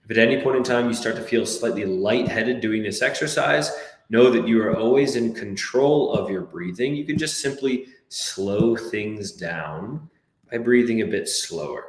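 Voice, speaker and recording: A man coaching a breathwork class, calmly counting and giving gentle step-by-step cues. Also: lowish voice, moderate pace. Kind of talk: guided breathwork class instruction. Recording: very echoey room.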